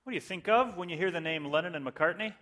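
A man's voice: high-pitched, quick pace, fairly bright tone. A male pastor giving a conversational sermon with joking asides.

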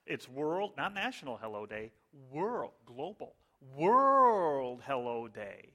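A man's voice: medium pitch, very animated, unhurried. A male pastor giving a conversational sermon with joking asides.

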